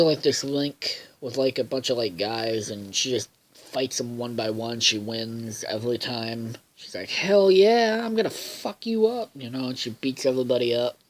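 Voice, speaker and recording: A man's voice: medium pitch, poor audio. Rambling man recapping a cartoon episode. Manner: rambling, many fillers, swears freely; loses track and backtracks. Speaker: episode reviewer.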